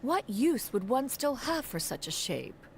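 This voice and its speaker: A woman's voice: fairly high pitch, very animated, measured pace, slight background noise. A woman voicing an aloof, ancient crane spirit in a video game, speaking in formal, archaic phrasing. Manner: formal, archaic speech, referring to herself as one.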